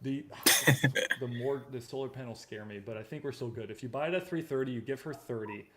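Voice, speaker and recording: A man hosting a casual training livestream from a home studio, talking loosely with slang and quick restarts. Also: mid-range voice, fairly bright tone. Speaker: host of a real estate training livestream. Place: backup home studio at his father's house.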